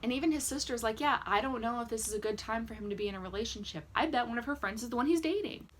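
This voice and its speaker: Racing through her recap of a reality dating show, this young woman vlogger speaks with a fairly high pitch, sarcastic and chatty, leaning heavily on "like." Her indoor camera-mic setup with a ring light picks up slight background noise.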